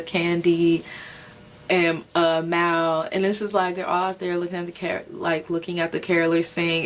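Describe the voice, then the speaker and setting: A woman with a slightly low-pitched voice talks through a reality show episode, sounding tired and loose. She rambles, leans on fillers, swears freely, and giggles as she goes. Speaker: reality TV recapper. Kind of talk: casual unscripted episode review.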